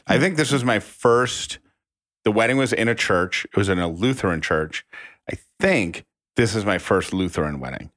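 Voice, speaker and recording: A man co-hosting a casual podcast chat. His voice is somewhat low, and he talks in a wry, matter-of-fact way. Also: expressive, moderate pace, a bit bright. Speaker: podcast co-host.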